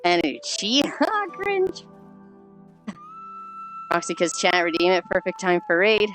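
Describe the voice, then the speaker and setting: A woman streaming while she walks on a treadmill, sounding squeaky and chipmunk-like through a failing headset mic, sighing often and swearing casually as she greets viewers. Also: very animated, slow pace, a bit bright, faint music behind, low-quality recording. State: walking on a treadmill while talking. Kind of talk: casual live-stream chat.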